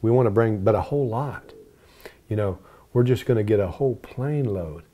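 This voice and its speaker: Warm, low-voiced older man recounting memories. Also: normal speed. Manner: earnest, animated when quoting dialogue. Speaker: interview guest. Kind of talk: personal storytelling.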